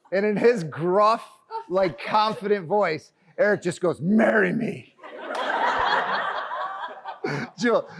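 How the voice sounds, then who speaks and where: A man giving an energetic, joking motivational talk from a conference stage, calling the audience his friends. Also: high-pitched, slight background noise. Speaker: keynote speaker.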